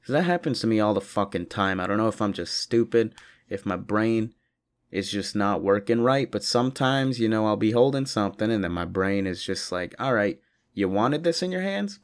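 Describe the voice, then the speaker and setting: Young man, solo podcast host, low voice, rambling profane rants with loud outbursts. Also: normal speed. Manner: profane, rambling, jumps into loud mock-indignant bursts. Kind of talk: solo comedic rant.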